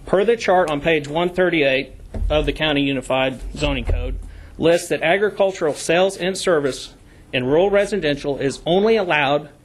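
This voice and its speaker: A public commenter at a county meeting, this man speaks somewhat high and with strong emphasis. His formal remarks, given in the commission meeting room, consist of reading code sections deliberately while stressing key words.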